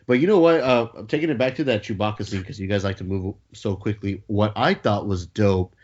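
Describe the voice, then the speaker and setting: A man's voice: on the low side, a little fast, darkish tone. A man co-hosting a podcast in casual chat, laid-back and chiming in. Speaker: podcast co-host. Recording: dull lo-fi podcast recording.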